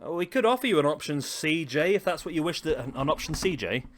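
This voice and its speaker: A man's voice: a little high, expressive, fast, a bit bright. Chatty man streaming a wrestling game. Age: 30s. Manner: chatty, talks to chat viewers. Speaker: gaming streamer. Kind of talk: casual live-stream commentary.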